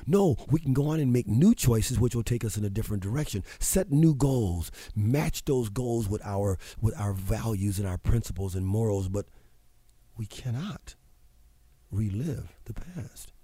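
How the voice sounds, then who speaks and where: A man's voice: on the low side, expressive, unhurried, mellow, slightly rough, no echo. A man hosting a show, giving a motivational talk in an emphatic, preachy way and repeating phrases for effect. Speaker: radio show host.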